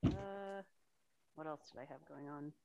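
A woman chiming in quietly during casual chat, a little away from the microphone. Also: low-pitched, unhurried, creaky, no room sound.

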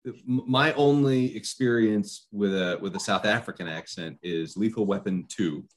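A man co-hosting a podcast, chatting casually with wry jokes in quick bursts. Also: lowish voice, a little hiss or hum. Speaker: podcast co-host. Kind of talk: casual chat.

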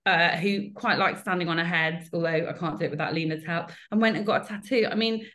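A woman's voice: on the low side, steady tone, a little fast, fairly bright tone. A woman in her thirties from the UK talks openly on a podcast. She is self-deprecating and often laughs at herself. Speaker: podcast guest. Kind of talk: casual chat.

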